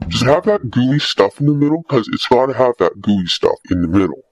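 A man's voice: medium pitch, lively intonation, brisk, no echo, faint music behind, natural voice. Guy doing a wisecracking sweet tooth, bossy and greedy, bouncy up-and-down voice, dry close sound. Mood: pushy, greedy. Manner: pushy, wisecracking, impatient demands. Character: brash, greedy talking sweet tooth, male. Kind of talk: storybook character voice.

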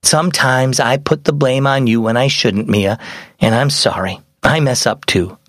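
A man voicing a gentle, reassuring mother in a storybook reading. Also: mid-range voice, normal speed, dry recording, clean studio sound, lightly acted. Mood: tender.

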